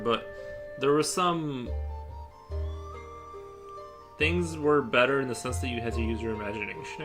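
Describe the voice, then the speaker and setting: A young man chatting casually on a live drawing stream, rambling with lots of fillers and restarts. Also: mid-range voice.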